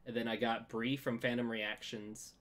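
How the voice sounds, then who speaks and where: A man hosting a video podcast chat, animated and laughing often as he talks. His voice sits at a middle pitch, and he stumbles over words and says "like" often. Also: normal speed. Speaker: podcast host. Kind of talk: casual chat.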